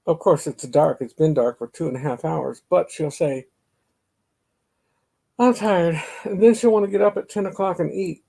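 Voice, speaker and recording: Warm in tone and on the high side, this gravelly, husky voice runs a little fast with hardly any pauses. It belongs to a middle-aged man from the northern Chicago suburbs hosting a casual livestream, reading comments, naming viewers, laughing often, and slightly stuffy from allergies.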